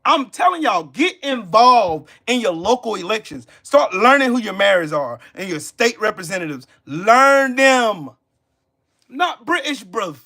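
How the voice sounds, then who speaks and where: A Southern American man hosting a live stream, his voice bright and high for a man. He talks bluntly and profanely and hammers his points through repetition. He keeps breaking off to answer the chat. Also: sing-song, unhurried, few pauses. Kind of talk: live stream politics rant.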